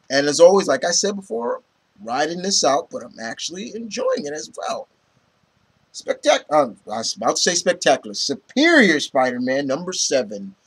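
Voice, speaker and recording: A man's voice: a little high, breathy edge. A man casually reviewing comic books, rambling with many fillers and retelling scenes from the issues. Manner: rambling, lots of "you know" and "um"; retells scenes, quoting characters.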